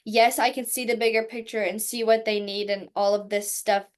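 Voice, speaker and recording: A woman's voice: medium pitch, little pitch movement, moderate pace. A woman on a video call, candidly reflecting on what she took from a book chapter. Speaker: book study participant. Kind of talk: casual group discussion.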